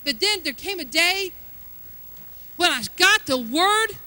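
An older woman preaching a sermon, building from chatty asides to fervent, loud exhortation. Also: very high voice, expressive, rough recording. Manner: fervent, rising to loud exhortation, drawn-out emphasis.

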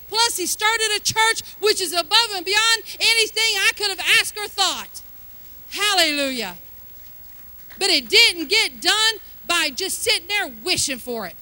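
An older woman preaching a sermon, building from chatty asides to fervent, loud exhortation. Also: very high voice, animated, poor audio. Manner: fervent, rising to loud exhortation, drawn-out emphasis.

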